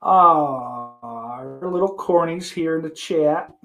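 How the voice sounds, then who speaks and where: A man's voice: on the high side, takes it slowly, fairly bright tone. A man hosting a livestream, chatting casually with his viewers in a rambling, profane, joking way. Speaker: livestream host. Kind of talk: casual chat to a live chat.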